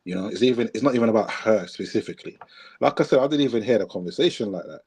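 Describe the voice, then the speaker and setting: A man's voice: fairly low pitch, expressive, rapid-fire, a little mellow, slightly rough. A man co-hosting a podcast, commenting in a casual, reflective way with emphatic repeated phrases. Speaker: podcast co-host.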